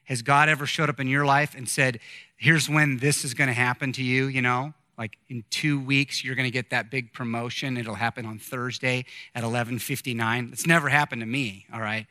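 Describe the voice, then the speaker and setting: Guy in his 40s preaching, reads scripture then riffs, bright voice, dry close sound. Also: medium pitch, normal speed, no room sound. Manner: animated, conversational preaching with asides to the congregation. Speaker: pastor. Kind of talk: sermon with scripture reading.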